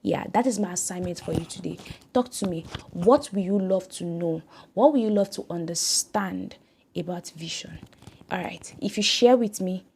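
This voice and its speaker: A woman's voice: lowish voice, normal speed, creaky, a little mellow, a little hiss or hum. A woman hosting a devotional podcast, speaking in an earnest, exhorting way and repeating phrases for emphasis. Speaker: podcast host.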